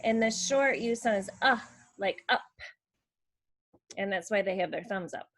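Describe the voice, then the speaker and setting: A woman with a mid-range voice briskly explains and demonstrates letter sounds for teaching children, modelling each sound as she goes.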